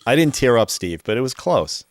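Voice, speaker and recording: A man co-hosting a casual podcast chat, talking in halting starts and restarts. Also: medium pitch, sing-song, no echo.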